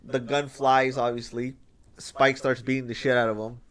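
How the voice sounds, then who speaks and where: A man hosting a podcast in casual chat, excitedly retelling a film scene, swearing freely and acting out the lines. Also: mid-range voice, moderate pace. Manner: excited storytelling, swears freely, acts out quotes. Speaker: podcast host.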